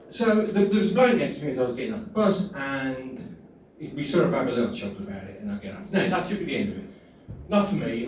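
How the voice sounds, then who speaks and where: A man's voice: on the high side, darkish tone. A man doing a rambling, sweary, self-mocking stand-up set in a small pub comedy room. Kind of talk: work-in-progress stand-up set. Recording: echoey room, distant mic, noisy.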